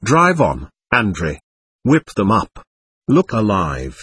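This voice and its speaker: A feverish young nobleman, played by a male narrator, urgent and frantic. His husky voice swings widely in pitch over a dry, close recording. He presses on with restless intensity. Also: huge pitch swings, slow, a bit bright, no echo, heavily acted. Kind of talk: audiobook character voice.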